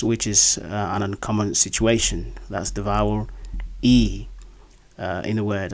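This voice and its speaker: Low-voiced man teaching pronunciation. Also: a little mellow. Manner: careful, deliberate, repeats words slowly. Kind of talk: scripted pronunciation lesson.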